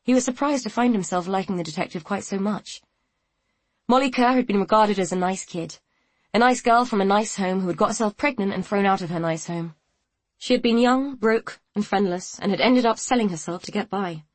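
A woman reading a novel aloud in a measured, even storytelling manner. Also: mid-range voice, dry recording. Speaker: audiobook narrator. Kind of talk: scripted narration.

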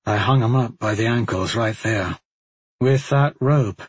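A man's voice: on the low side, measured pace, slightly rough, no room sound. A man playing a guilt-ridden adventurer. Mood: strained.

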